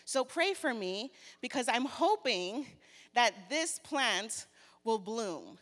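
A woman preacher giving a sermon and reading scripture aloud, slow and deliberate, turning animated as she retells the story. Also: a little high. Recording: long reverb of a large hall.

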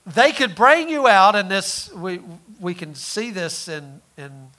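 A male preacher with a very high, bright voice delivers a sermon in a folksy manner. He stumbles over repeated words and fires off rhetorical questions. His volume swings from loud declarations down to near-murmurs. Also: big pitch swings, slow.

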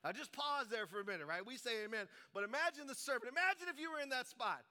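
Speaking quickly in a very high voice, a middle-aged preacher from Colorado in the United States delivers a sermon through animated, funny stories. He acts out characters with different voices along the way.

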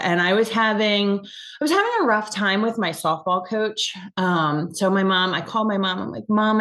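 A young adult woman telling a personal story in a rambling, casual way, with many restarts and fillers, and getting choked up at times. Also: lowish voice.

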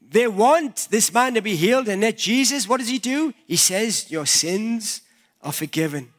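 Male pastor, high voice, chatty sermon in a church. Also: normal speed, fairly bright tone. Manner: conversational, uses props and everyday examples.

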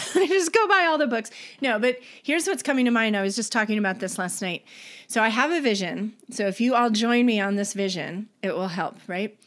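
A woman artist and author chatting as a podcast guest, enthusiastic and filled with ums and likes. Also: fairly high pitch. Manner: enthusiastic, uses many fillers. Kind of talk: casual interview chat.

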